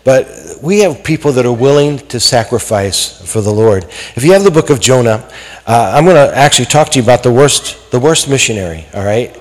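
A man's voice: medium pitch, brisk. Man preaching in a reverberant hall. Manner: animated storyteller acting out quotes, with fillers. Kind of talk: sermon storytelling.

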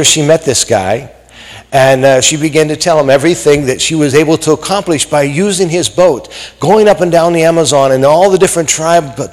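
A man preaching a sermon, telling a story with lively acted-out quotes and some fillers. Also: fairly high pitch, in a large hall, low-quality recording.

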